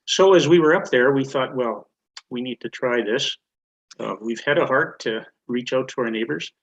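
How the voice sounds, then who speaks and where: An older man telling a story on a church video call, measured and deliberate. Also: mid-range voice, muffled recording. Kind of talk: casual storytelling.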